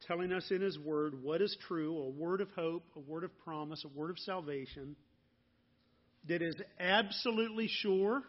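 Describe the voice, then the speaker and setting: A man preaching a sermon, earnest and deliberate, dropping soft on the key phrases. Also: on the high side, lo-fi sound. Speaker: pastor.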